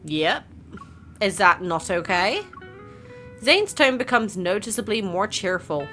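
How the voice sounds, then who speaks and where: A woman's voice: mid-range voice, very animated, slow pace, bright, forceful tone, soft background music. A woman hosting a casual game playthrough, chatting, reacting and reading the story aloud. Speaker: gaming channel host.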